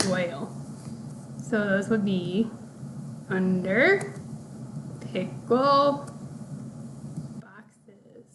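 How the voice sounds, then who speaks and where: A woman teacher walking young pupils through their morning work, speaking deliberately and spelling out punctuation marks. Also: fairly high pitch, noisy background. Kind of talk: recorded classroom lesson walkthrough.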